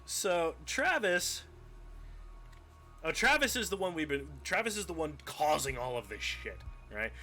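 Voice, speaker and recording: A young man streaming live, casually telling a tabletop game story, animated and profane, acting out scenes as he goes. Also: fairly high pitch, a little slow. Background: faint music.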